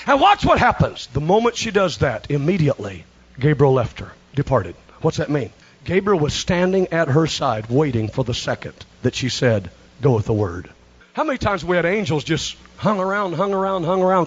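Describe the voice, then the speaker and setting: A man delivers an impassioned sermon in a high voice, rising to shouts and then dropping to low, hushed phrases. The recording is dull and lo-fi. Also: lively intonation, fairly quick. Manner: impassioned preaching with big swings between shouts and hushed lines. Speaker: preacher.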